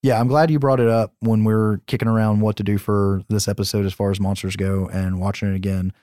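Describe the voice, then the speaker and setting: A man with a lowish voice tells a movie's story on a podcast, swearing freely and getting animated. The sound is dry and close. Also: fast talker, dry recording. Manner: profane, animated movie recapping. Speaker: podcast co-host. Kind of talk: casual chat.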